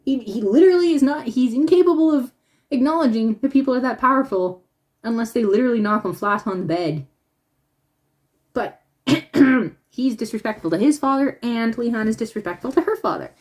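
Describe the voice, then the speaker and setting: A woman's voice: fairly high pitch, fairly quick. Chatty woman reviewing a drama. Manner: animated, frequent laughter, restarts and asides. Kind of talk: casual opinion vlog.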